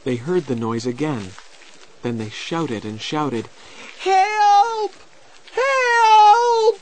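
A man narrating a children's storybook in a slow, clear and expressive way. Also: mid-range voice, slight background noise.

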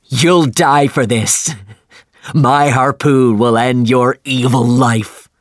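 A man's voice: on the high side, sing-song, takes it slowly, no room sound, studio quality, voice pushed up, exaggerated voice. A man playing a fierce, obsessed old sea captain. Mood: furious. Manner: shouting, commanding. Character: obsessed older male whaling captain, fierce.

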